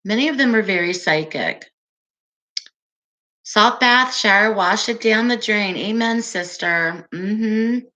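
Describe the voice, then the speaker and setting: Slow, soft-voiced woman host. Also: mid-range voice. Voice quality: soft, calming voice. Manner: chatty and unhurried, giggly. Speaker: livestream host. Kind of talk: casual livestream chat answering viewers.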